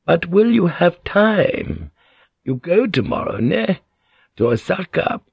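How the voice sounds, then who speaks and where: A man's voice: mid-range voice, sing-song, normal speed, vocal fry, breathy edge, no room sound, muffled recording, pitched above the performer's own voice, full character voice. A male audiobook narrator voicing a sly, wheedling older woman who keeps a teahouse, with a honeyed, ingratiating manner.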